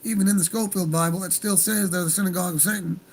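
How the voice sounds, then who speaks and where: High-voiced man ranting heatedly. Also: steady tone, fast, low-quality recording. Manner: heated, profane, rambling. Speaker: livestream host. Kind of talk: angry livestream rant.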